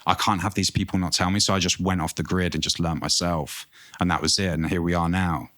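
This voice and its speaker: A very low-voiced man chats as a guest, telling stories in a lively, loose way. He swears freely, and the talk stays casual. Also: brisk. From England. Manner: animated storytelling, swears freely. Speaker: tattoo artist guest. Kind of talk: casual interview chat.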